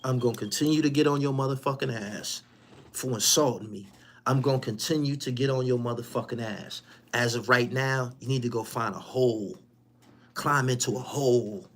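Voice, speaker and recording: A man hosting a podcast in a heated, profane rant, mocking his target and repeating lines for emphasis. He jumps from loud, high outbursts to low, muttered asides. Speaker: podcast host.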